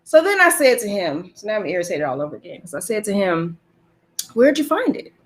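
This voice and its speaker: A woman telling a humorous story to a church group, animated, laughing often and speaking straight to her listeners. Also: medium pitch, quick pace.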